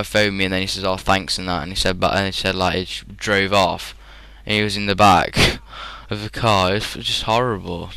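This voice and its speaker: A teenage man with a British English accent rambles through a casual gaming commentary. His slightly low voice sounds bright and clean. The recording is dry and close, with no room echo. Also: vocal fry. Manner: rambling, chatty, frequent fillers and laughs. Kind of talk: casual storytelling over gameplay.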